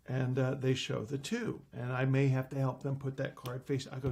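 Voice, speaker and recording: A middle-aged man lecturing on card magic, playfully acting out his patter with big jumps in pitch. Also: completely flat delivery, moderate pace, gravelly, a little mellow, slight background noise.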